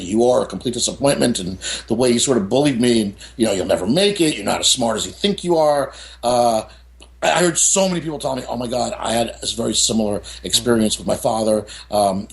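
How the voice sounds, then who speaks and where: A man's voice: mid-range voice, gravelly. A middle-aged man from the United States, an author talking as a guest, telling candid stories with lots of "you know" and "I mean" asides. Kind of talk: candid storytelling in an interview.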